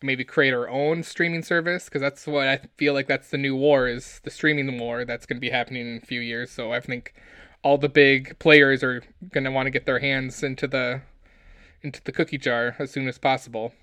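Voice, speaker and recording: A man co-hosting a casual pop-culture podcast, talking in excitable, joking rants. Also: mid-range voice, fairly quick, smooth, no echo, studio quality. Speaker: podcast co-host.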